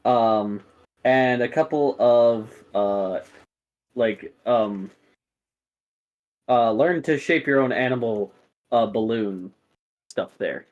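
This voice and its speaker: A man runs a tabletop game as its game master, narrating in a halting way with lots of ums and uhs. His pitch sits in the middle range for a man. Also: a little mellow, highs cut off. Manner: hesitant, many fillers.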